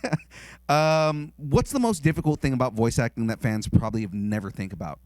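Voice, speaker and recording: A man's voice: mid-range voice, brisk, darkish tone, no echo. A man hosting a podcast interview, asking questions in a rambling, hesitant way with many fillers. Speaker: podcast host. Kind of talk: casual interview chat. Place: convention interview.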